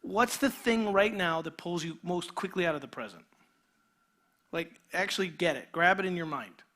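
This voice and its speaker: Bright, high-voiced man preaching. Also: moderate pace. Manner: shifts between quiet intimate passages and energetic animated retelling; conversational, with restarts and filler words. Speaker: pastor. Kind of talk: sermon.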